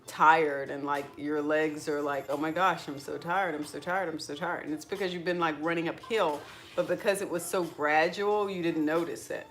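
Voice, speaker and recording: A middle-aged woman, chatting casually and rambling over breakfast in a vlog, with lots of "like.". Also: low voice. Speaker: vlogger. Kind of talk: casual chat while eating breakfast.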